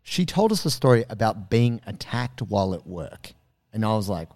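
A man hosting a podcast, telling a story in a casual, animated way, swearing freely and acting out the quotes. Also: lowish voice, normal speed, creaky. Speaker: podcast host.

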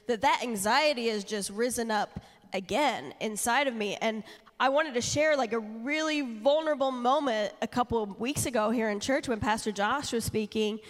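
A woman sharing candidly from the church platform, earnest and building in intensity as she preaches. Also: on the high side. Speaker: speaker at church. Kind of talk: sermon. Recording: long reverb of a church hall.

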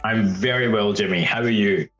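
A man's voice: fairly low pitch, moderate pace, a bit bright, muffled recording, soft background music. A man in his thirties with a Scottish accent, chatting casually as an interview guest. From Scotland.

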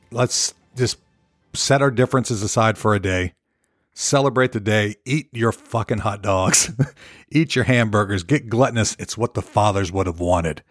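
An American man hosts his own podcast with a voice on the low side, captured in a dry recording. He rambles casually, curses, and often repeats words as he goes.

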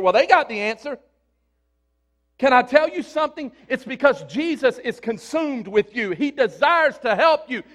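A man delivers a sermon in a very high voice. He preaches emphatically but stays conversational, and he keeps turning to his listeners with questions.

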